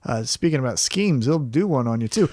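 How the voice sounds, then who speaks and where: A man's voice: mid-range voice, animated, brisk, no room sound. A man co-hosting a wrestling podcast, laid-back and profane as he breaks down storylines. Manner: laid-back, swears, thinks out loud. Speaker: podcast co-host. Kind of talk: casual wrestling analysis chat.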